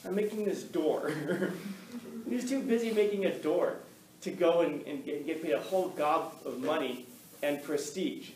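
A male teacher telling a story to his class in an animated way, acting out the voices of the people in it. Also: on the high side, a little slow, slight background noise. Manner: animated, acts out quoted voices. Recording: echoey classroom, mic from far off.

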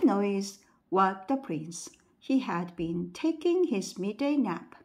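A woman reading a bedtime story aloud. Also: medium pitch. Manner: slow, lively storybook reading.

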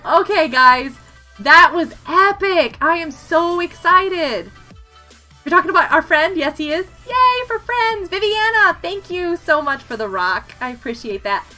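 Woman streamer, high lively voice, bright, excitable, faint music behind. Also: takes it slowly. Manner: excitable, laughing, shouting at the game. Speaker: live streamer. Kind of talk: live gameplay streaming.

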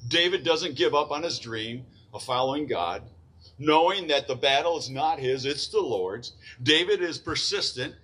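A man's voice: fairly high pitch, animated, moderate pace, sharp tone, breathy edge, poor audio. A man preaching a sermon in a church, retelling a Bible story in casual everyday words. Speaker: pastor.

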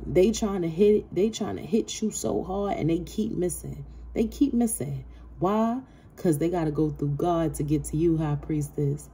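A woman's voice: lowish voice, gravelly, mellow, a little hiss or hum. A woman giving a tarot reading, brash, profane and emphatic, laughing often. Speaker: tarot reader.

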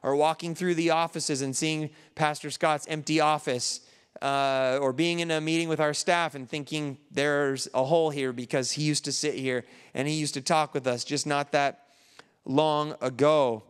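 Grieving male pastor, earnest conversational sermon, slightly high clear voice, church hall reverb. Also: fairly even intonation, moderate pace. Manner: earnest, conversational preaching with restarts.

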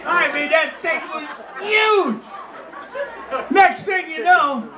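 A man telling a crude comic story on stage in a bar, loudly and boisterously, often shouting. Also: extremely high pitch, takes it slowly. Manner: loud, boisterous, crude delivery with frequent shouts. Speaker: comedian. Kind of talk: live stand-up storytelling. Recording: echoey bar with crowd noise.

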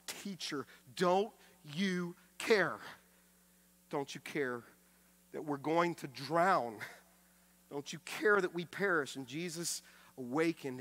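Forceful, bright-voiced male pastor preaching. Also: fairly high pitch. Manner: emphatic preaching that swings from loud to hushed; acts out quoted speech with raised voice. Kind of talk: sermon.

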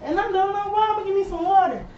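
A young woman with a high, animated voice chats straight to her live viewers while showing off shoes. She sounds a little out of breath. The recording is dull and lo-fi, with her voice set back from the mic in an echoey room. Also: rapid-fire, far from the mic, a little hiss or hum. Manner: chatty, animated, talks to viewers. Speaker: shoe store host. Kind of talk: casual live-stream sales chat. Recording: roomy and lo-fi, voice from off-mic.

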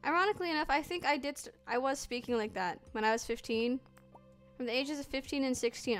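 A woman's voice: fairly high pitch, clean tone. A young woman streaming a game, chatting to herself playfully and slipping into mock old-fashioned phrases. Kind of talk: casual gameplay commentary. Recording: faint game music behind.

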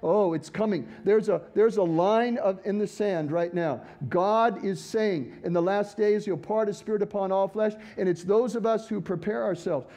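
A man's voice: high-pitched, normal speed, hardly any pauses, warm tone. A male pastor preaching a sermon with fervent, rising exhortation, his voice cracking.

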